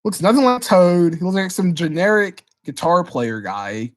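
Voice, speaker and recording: A man hosting a casual livestream Q&A, reading chat questions aloud and answering in an excitable way, often repeating words as he restarts his sentences. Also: sits high, normal speed. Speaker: livestream host.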